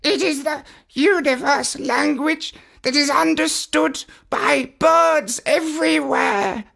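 A woman voicing a lovesick male parrot who has lost his voice to a cold; his lines come out high, strained and raspy. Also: takes it slowly, fairly bright tone, exaggerated voice. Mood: lovelorn, anguished.

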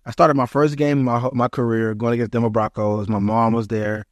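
A young man, a former football player, telling lively stories in an interview and acting out what family and fans said. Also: mid-range voice, a little fast, dry recording, studio quality. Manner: animated, acts out quotes of family and fans. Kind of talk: storytelling interview.

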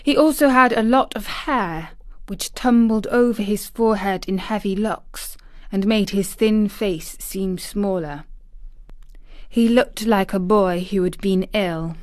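Unhurried female storybook narrator, dry close recording, mid-pitched. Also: darkish tone, dry recording. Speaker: audiobook narrator. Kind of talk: scripted narration.

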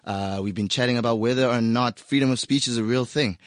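A man's voice: medium pitch, fairly quick, no room sound, clean studio sound. A man co-hosting a radio talk show, bantering casually and laughing a lot. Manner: laughs a lot, loose and joking. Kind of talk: casual banter and freestyle rap.

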